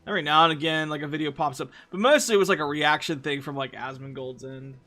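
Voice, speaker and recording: Bright-voiced young male streamer. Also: on the high side, fairly even intonation, fast, soft background music. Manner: rambling, profane, frequent restarts. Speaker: game streamer. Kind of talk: casual gaming stream chat.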